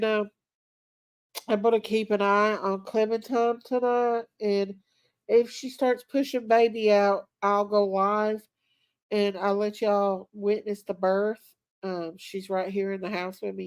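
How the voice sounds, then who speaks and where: A woman's voice: mid-range voice, steady tone, slow pace, smooth, no room sound. A middle-aged woman, hosting a casual live stream and talking to her viewers in an emotional, affectionate way. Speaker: livestream host.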